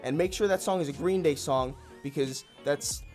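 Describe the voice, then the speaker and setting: Deadpan man in a mock tutorial. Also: on the high side, normal speed, faint music behind. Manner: deadpan, rambling with restarts. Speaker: comedy YouTuber parody host. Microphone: desk mic in home setup.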